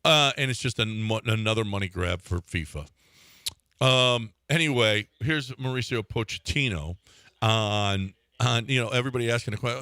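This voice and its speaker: A man's voice: on the low side, bright, forceful tone, clear, resonant tone, no room sound. A man hosting a sports radio show from a studio, joking and sarcastic in casual chat. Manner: joking, sarcastic, quick asides. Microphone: studio microphone.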